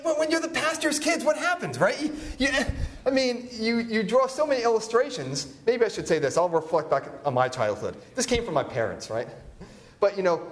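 A male pastor preaching a sermon, teaching scripture with rhetorical questions and repeated key phrases. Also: a little high.

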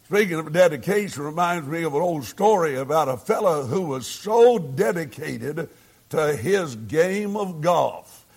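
An older man, a pastor preaching a sermon and telling homespun stories, pausing often with "uh.". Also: on the high side, lively intonation, vocal fry, darkish tone, breathy edge. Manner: slow, homespun storytelling with frequent "uh" pauses. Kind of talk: sermon with folksy anecdotes.

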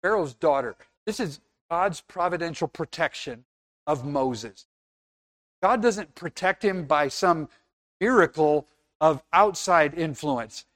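A man's voice: fairly high pitch, animated, takes it slowly, fairly bright tone. A man preaching a sermon in an earnest, conversational way, now and then acting out little scenes.

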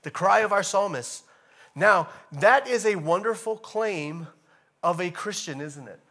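A man preaching a sermon in a casual, animated way, repeating key phrases and rising to loud emphatic bursts. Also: high voice, unhurried. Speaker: pastor.

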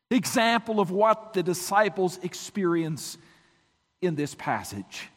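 A man preaching a sermon as pastor, his voice weakened this morning, swinging from hushed moments to emphatic peaks. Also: sits high, a little slow, long pauses, big-room sound. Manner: dramatic swings from quiet to emphatic. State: weak voice.

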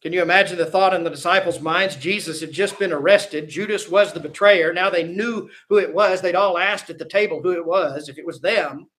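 Guy preaching in church, high bright voice, gets really animated and does little voices for the people in the story. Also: fairly quick, hardly any pauses. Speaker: pastor. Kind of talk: sermon.

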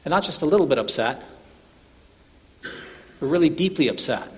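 A man's voice: a little high, animated, moderate pace. A man preaching an earnest sermon, addressing his listeners as brothers and sisters, with long hall reverb.

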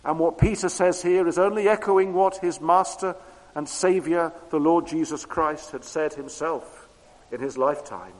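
A man preaching a sermon with emphatic repetition, moving between loud declarations and hushed low tones. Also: moderate pace. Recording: long hall reverb.

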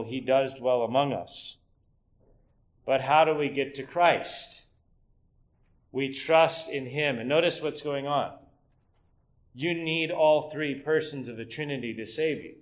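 A middle-aged man preaching an expository sermon, building into emphatic rhetorical questions and then dropping low and quiet to teach.

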